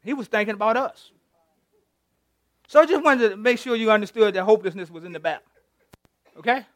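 High-voiced pastor preaching in a dry room. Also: male voice, a little fast, fairly bright tone, no room sound. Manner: conversational, teasing the congregation, retells scripture with playful voices. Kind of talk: interactive sermon.

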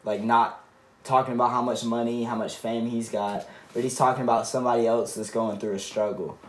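Young male co-host, earnest and reflective, mid-pitched, casual filler-heavy delivery. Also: flat delivery, a little fast, slight background noise. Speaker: podcast co-host. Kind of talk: casual chat.

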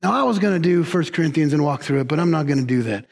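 A man preaching a sermon as pastor in a church, animated and emphatic, repeating key words. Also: on the high side, racing, vocal fry, long reverb tail.

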